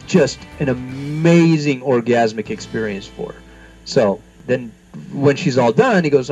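A medium-pitched man speaks at a moderate pace on a casual talk podcast he co-hosts, with lo-fi sound and faint music in the background. An animated storyteller, he tells a long joke and slips into little character voices.

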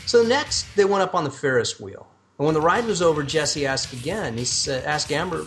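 A man's voice: a little high, animated, normal speed, hardly any pauses, a bit bright, soft background music. A man co-hosting a podcast, chatting casually and telling a joke in a playful way. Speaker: podcast co-host.

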